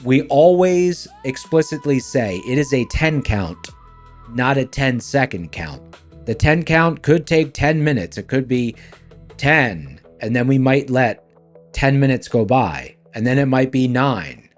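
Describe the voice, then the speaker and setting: Male live-stream host, deepened voice-changer sound, playful banter with chat, animated pitch. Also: measured pace, faint music behind. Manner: playful, talks straight to chat. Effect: voice changer lowering his voice. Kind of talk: casual live-stream commentary.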